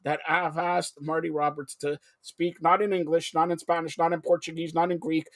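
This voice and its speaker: A man hosting a live broadcast, talking in an excitable, rambling way that jumps between topics. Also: a little high, moderate pace, no echo, studio quality. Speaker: host. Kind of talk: live call-in broadcast chat.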